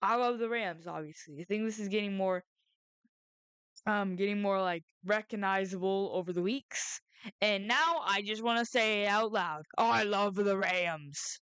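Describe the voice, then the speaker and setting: A woman's voice: medium pitch, moderate pace, fairly bright tone, clear, resonant tone, dry recording. A young woman making football picks in casual, rambling chat, often interrupting herself with jokey asides. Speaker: sports predictions vlogger. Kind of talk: casual chat with mock phone call and bits. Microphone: headset or headphone mic.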